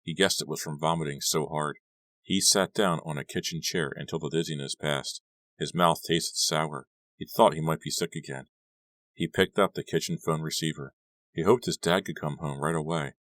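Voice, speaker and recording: Very deep-voiced male audiobook narrator. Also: normal speed, a bit bright, no echo. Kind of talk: scripted narration.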